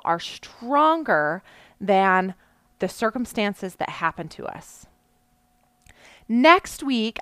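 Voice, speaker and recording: A woman's voice: mid-range voice, a bit bright, dry recording. Earnest woman coach, dry close mic. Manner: earnest and explanatory, often checking in with "right?". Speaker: mindset coach. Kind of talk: motivational teaching talk.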